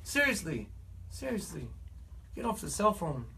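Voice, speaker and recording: A man's voice: high voice, very animated, measured pace, gravelly, sharp tone, slight background noise. A man with a put-on British accent, a musician talking in a rambling, earnest and preachy vlog monologue.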